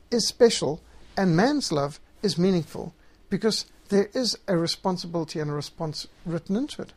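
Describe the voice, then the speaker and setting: A man teaching systematic theology, reading scripture passages aloud and stressing key words. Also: high-pitched. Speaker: Bible teacher.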